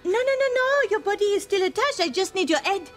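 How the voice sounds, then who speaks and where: A woman's voice: very high-pitched, expressive, fairly quick, soft background music. A woman playing a boastful, gleeful female waxwork maker in a comedy sketch. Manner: boastful, cackling, showy.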